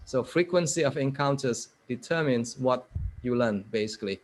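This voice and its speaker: A man's voice: medium pitch, moderate pace. A man giving an online English lesson, coaching participants by name and having them repeat words. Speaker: keynote speaker teaching English pronunciation. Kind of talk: online lecture with audience drills.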